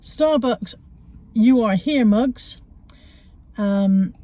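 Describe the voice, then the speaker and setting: A woman's voice: fairly high pitch, slow pace, pauses often, dark tone. A middle-aged woman chatting casually from inside a car, rambling through her shop finds with self-mocking humour. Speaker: vlogger showing charity shop finds. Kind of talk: casual chatty haul video.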